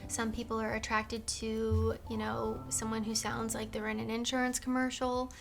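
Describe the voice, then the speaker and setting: A woman with a slightly high voice chats casually to the camera in a playful, chatty way. Faint music runs behind her. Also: completely flat delivery, normal speed, gravelly. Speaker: woman sharing her views in a clip.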